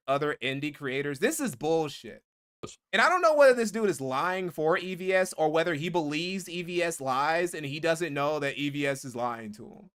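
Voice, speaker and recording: A man's voice: fairly high pitch, fairly bright tone. A man hosting a livestream, reading donations aloud and ranting in a profane, exasperated way. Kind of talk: casual livestream commentary.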